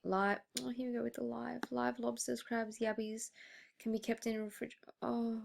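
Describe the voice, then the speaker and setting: A woman's voice: on the high side, flat delivery, moderate pace, creaky, a little hiss or hum. A young woman teaching a hospitality lesson, reading from slides in a chatty way with many ums, restarts and asides.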